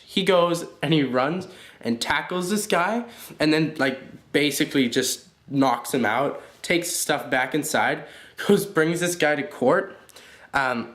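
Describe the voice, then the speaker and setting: A man's voice: fairly high pitch, fairly bright tone, echoey room. A man casually telling funny family stories and jokes, rambling with lots of fillers and laughs. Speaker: storyteller.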